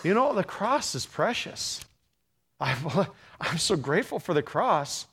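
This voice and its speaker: Storytelling male preacher, fairly high voice. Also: very animated, unhurried, creaky, husky. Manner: hushed storytelling that swells to fervent peaks. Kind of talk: storytelling sermon.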